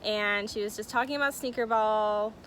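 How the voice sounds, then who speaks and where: A woman's voice: medium pitch, moderate pace, fairly bright tone, a little hiss or hum. A young woman telling a personal story-time on her vlog, bubbly and giggly, often saying "like" and "oh my gosh". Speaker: vlogger.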